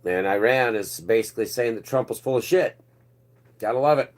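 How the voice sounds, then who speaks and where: A man's voice: medium pitch, fairly quick. A man hosting his own online news channel, ranting casually and sarcastically, rambling and swearing freely.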